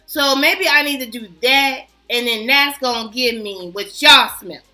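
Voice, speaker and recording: A woman fragrance vlogger chatting casually to her viewers, animated and self-mocking. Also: high voice, unhurried, faint music behind. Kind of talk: casual chat to camera.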